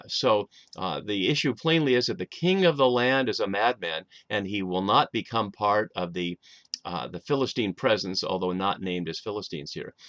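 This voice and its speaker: Low-voiced man teaching scripture. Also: fairly bright tone, dry recording. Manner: thoughtful, with frequent fillers. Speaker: Bible teacher. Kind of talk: lecture on scripture.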